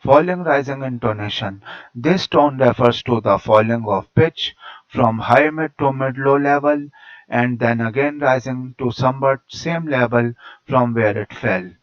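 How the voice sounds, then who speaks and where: A man narrating an English phonetics lesson as a teacher, reading out the material in a measured, even way. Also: medium pitch. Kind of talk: read-aloud lecture narration. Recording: dull lo-fi recording.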